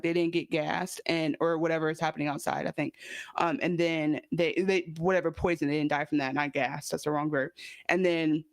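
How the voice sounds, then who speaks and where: A woman co-hosting a podcast, chatting about a TV episode in a rambling, animated, incredulous way. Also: on the low side, no room sound, studio quality. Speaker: podcast co-host. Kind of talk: casual TV recap chat.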